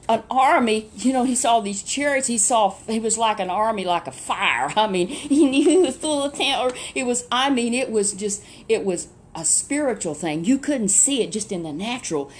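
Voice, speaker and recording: A woman casually retelling a Bible story, chatty and animated, with many rhetorical questions. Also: fairly high pitch.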